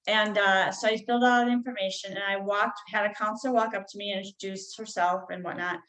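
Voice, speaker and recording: A woman's voice: medium pitch, steady tone, fast, fairly bright tone, roomy sound, low-quality recording. A woman, a healer guest on a podcast, telling a personal story in a casual, chatty way with many "like" and "you know" fillers.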